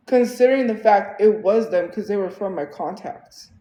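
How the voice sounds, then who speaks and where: A woman's voice: mid-range voice, moderate pace, hardly any pauses, warm tone, reverberant, rough recording. A woman livestreaming, venting in a casual, exasperated way with lots of fillers.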